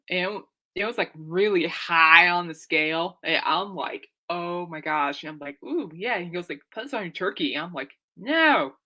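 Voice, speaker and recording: This young woman's voice is fairly low with a sharp tone. On her own show, she rambles through a story, laughing often and acting out quotes in a casual, chatty way.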